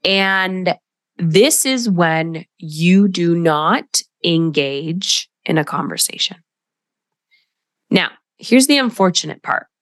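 A woman's voice: fairly low pitch, a bit bright, no room sound. Direct, coaching podcast woman, dry close sound. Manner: direct, coaching tone with emphatic asides. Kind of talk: solo podcast talk.

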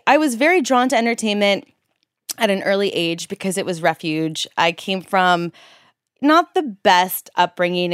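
A woman's voice: lowish voice, dry recording, studio quality. A woman from San Francisco, a publicist guest, talking in an upbeat, earnest way and laughing easily. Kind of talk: casual interview.

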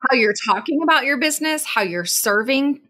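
Bright-voiced woman podcast co-host. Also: high-pitched, expressive. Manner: agreeable, quick to back up points. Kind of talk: casual chat.

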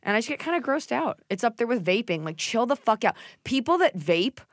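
A woman's voice: a little high, very animated, brisk, no room sound, clean studio sound. A woman hosting a podcast in casual chat, blunt and opinionated, swearing freely and mimicking people in silly voices. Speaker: podcast host.

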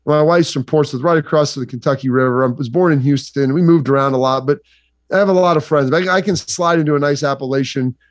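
A man's voice: fairly high pitch, fast, no room sound, clean studio sound. A man from Southeastern Ohio, a sports analyst guest, rambling casually with lots of fillers. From Southeastern Ohio, USA.

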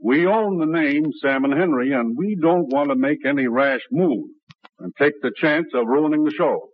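Businesslike station boss, slightly high husky voice, tinny old radio broadcast. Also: male voice, normal speed. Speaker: station head. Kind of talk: 1950s radio drama acting.

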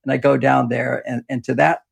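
A man's voice: mid-range voice, level tone, fairly quick, vocal fry, husky. An older man talking in a rambling, explanatory way in a casual interview, often breaking into laughter, speaking from an underground home office. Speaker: relationship author and guest.

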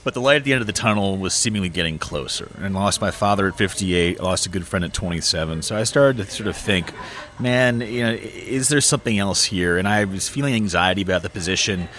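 A man's voice: deep voice, fairly bright tone. A man in his thirties telling a personal story as a guest, earnest and reflective. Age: 30s. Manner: earnest, reflective, quick bursts. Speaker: author, guest. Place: bar.

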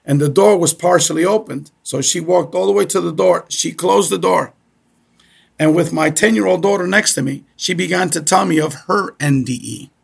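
Middle-aged Cuban-born man, gravelly and husky, chatty storyteller who keeps asking "okay?". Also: high-pitched, moderate pace. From Cuba. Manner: repeats "okay?" often, animated storyteller. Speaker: guest. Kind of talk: casual storytelling.

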